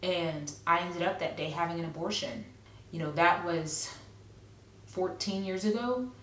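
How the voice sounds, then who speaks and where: Low-voiced woman telling her story, echoey room. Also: a little slow, a bit bright, slight background noise. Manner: conversational, lots of fillers, repeats phrases. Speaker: vlogger. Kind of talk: personal story, casual. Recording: echoey room, a bit far from the mic.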